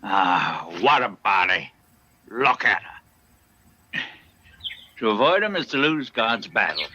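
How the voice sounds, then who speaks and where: A man's voice: on the low side, big pitch swings, takes it slowly. An actor playing a smug, self-righteous male plantation owner who prays aloud in a dubbed film. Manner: self-satisfied, preaching prayer. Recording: dull lo-fi film audio with noise.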